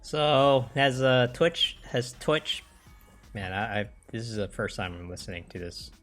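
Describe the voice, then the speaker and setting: A man's voice: medium pitch, expressive, a little slow, fairly bright tone, soft background music. A young man rambling casually on his livestream, swearing and restarting his sentences. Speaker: livestream host.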